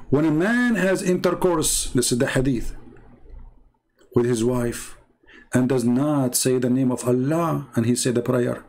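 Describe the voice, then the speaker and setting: A religious debater retells his debates with lively emphasis, delivering mocking, incredulous commentary. He speaks at a medium pitch and a little slowly.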